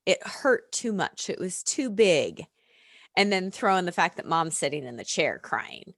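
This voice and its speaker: A middle-aged American woman, a yoga and reiki practitioner, talking in an unhurried, reflective way and laughing often in casual podcast chat. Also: lowish voice, sing-song, a bit bright, dry recording, studio quality. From United States.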